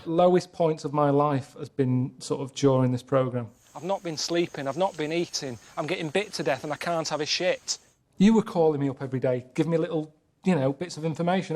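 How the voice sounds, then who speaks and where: A man complaining in a flat, deadpan way during casual comic chat on a show. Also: fairly high pitch, fast talker. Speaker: reluctant traveller on a comedy show.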